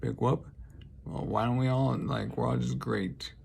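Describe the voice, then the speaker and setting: Slow, gravelly man telling rambling anecdotes. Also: mid-range voice, steady tone, a little mellow. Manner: rambling, self-correcting, lighthearted. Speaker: vlogger. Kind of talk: casual storytelling monologue.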